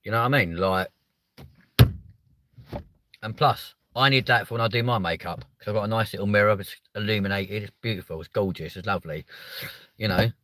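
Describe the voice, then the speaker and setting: A young man hosting a live comedy stream from a car, sweary and mocking, jumping from loud outbursts to muttered asides. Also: lowish voice, fairly quick, pauses often. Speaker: host of a live stream show. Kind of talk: crude comedic live chat.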